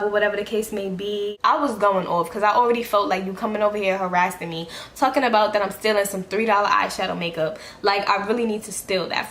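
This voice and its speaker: A woman's voice: medium pitch, fairly even intonation, fast, few pauses, a bit bright. Heated young woman vlogger, echoey room. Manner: heated, blunt, profane storytelling. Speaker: beauty vlogger. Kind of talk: get-ready-with-me storytime chat. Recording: echoey room, faint background hiss.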